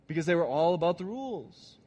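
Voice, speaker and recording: High-voiced man preaching in a reverberant hall. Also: expressive, brisk, dark tone, lo-fi sound. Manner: conversational, acts out quotes, jokes. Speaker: pastor. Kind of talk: casual sermon.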